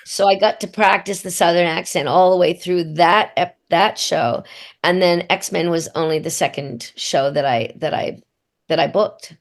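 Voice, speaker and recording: A woman's voice: lowish voice, normal speed. A middle-aged woman from Australia, answering interview questions in a reflective storytelling manner. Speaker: voice actor guest.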